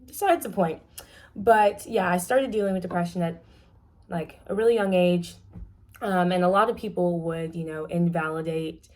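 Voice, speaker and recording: A young woman giving a casual, candid class presentation, talking frankly with many fillers and often trailing off softly. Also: lowish voice, normal speed. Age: young adult. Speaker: student presenter.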